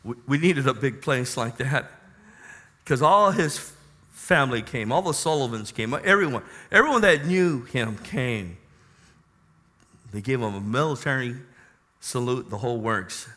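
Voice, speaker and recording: A man preaching a sermon as a pastor, telling a personal story with passion and loud emphatic bursts. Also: medium pitch, expressive, measured pace.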